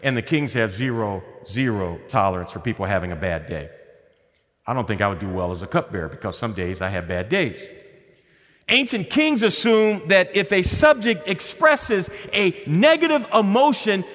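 A middle-aged male pastor preaching a sermon in a conversational, humorous way, often dropping to a quiet voice. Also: mid-range voice, sing-song, normal speed, in a large hall.

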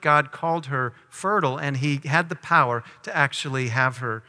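A man's voice: medium pitch, moderate pace, pushed and bright, in a large hall. A man preaching a sermon, reading scripture aloud and asking his listeners teaching questions. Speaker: pastor.

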